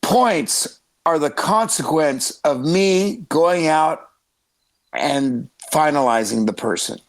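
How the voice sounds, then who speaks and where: A middle-aged man, a jiu-jitsu coach, telling stories on a podcast in a profane, animated way with frequent laughter. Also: fairly high pitch, takes it slowly, rough recording. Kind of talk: casual podcast storytelling.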